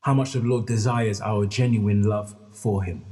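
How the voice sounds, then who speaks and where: A man's voice: on the low side, steady tone, a little slow, mellow. A man telling a personal story earnestly as a podcast guest, often repeating phrases and addressing the host by name. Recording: long hall reverb.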